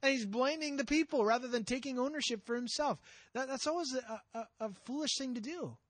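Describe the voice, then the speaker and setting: A male pastor preaching a sermon, telling a story with animation and acting out the characters' lines, dropping low for emphasis. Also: fairly quick, a bit bright, no echo.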